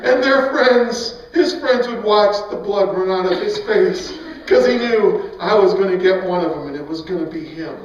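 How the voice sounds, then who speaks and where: Emphatic Christian storyteller, man, high voice, far mic in echoing hall. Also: moderate pace, few pauses. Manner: animated, emphatic, often laughing. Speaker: speaker at a Christian event. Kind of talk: storytelling talk. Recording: echoey hall, mic far off, dull sound.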